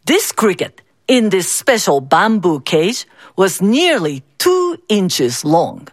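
A woman telling a folktale in an expressive, unhurried manner. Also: medium pitch, no room sound, studio quality. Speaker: storyteller. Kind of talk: folktale storytelling.

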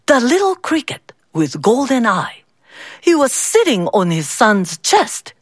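Slow, expressive woman storyteller. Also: fairly high pitch, no room sound, clean studio sound. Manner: slow, expressive, switches into character voices. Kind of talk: storybook read-aloud.

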